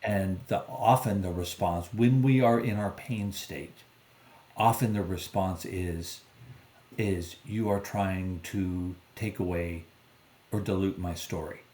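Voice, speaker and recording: A man who is a clinical psychologist guest, explaining calmly and in a measured way. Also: low-pitched. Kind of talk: expert explanation in conversation. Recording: roomy, distant from the mic.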